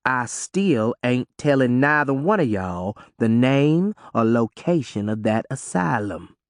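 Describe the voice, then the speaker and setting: A man doing gruff, stern woman Simone. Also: lively intonation, dry recording, studio quality. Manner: slow, low, clipped dialect. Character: gruff, hard-drinking Southern woman, stern and secretive.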